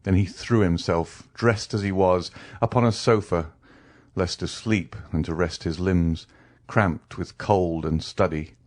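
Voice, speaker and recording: Deep-voiced male audiobook narrator. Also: steady tone, unhurried, darkish tone. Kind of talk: scripted narration.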